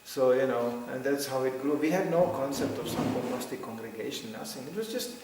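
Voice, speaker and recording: A man's voice: mid-range voice, brisk, noisy background. A middle-aged man telling anecdotes to a gathering, laughing often and acting out what people said. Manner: lively storyteller, laughs often, acts out quotes. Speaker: speaker telling memories to a devotional gathering. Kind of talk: anecdotal storytelling talk. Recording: very echoey room, mic far off.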